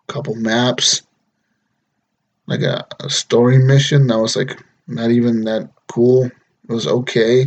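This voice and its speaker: A man's voice: mid-range voice, flat delivery, unhurried, a little mellow, dull audio. A young man hosting a solo gaming podcast, ranting and joking with lots of swearing. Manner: profane, exasperated, joking. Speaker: podcast host.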